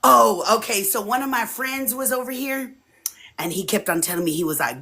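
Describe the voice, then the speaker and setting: This woman in her forties has a slightly rough, somewhat high voice and talks at an ordinary speed. Appearing as a guest in a casual interview from her home streaming setup, she tells lively stories and voices the friends she quotes.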